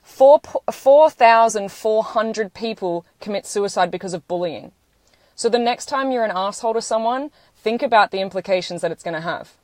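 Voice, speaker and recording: A woman's voice: medium pitch, expressive, normal speed, dry recording. A woman in her thirties talking on a live stream, earnest and close to tears, swearing freely as she speaks. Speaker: social media livestreamer. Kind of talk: emotional live-stream monologue.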